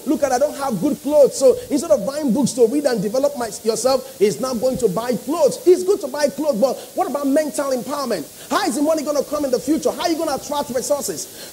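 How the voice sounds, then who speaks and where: A man's voice: very high voice, warm tone, slight background noise, low-quality recording. A man with a Nigerian English accent preaching a sermon, emphatic and repetitive, calling out to the congregation. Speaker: pastor.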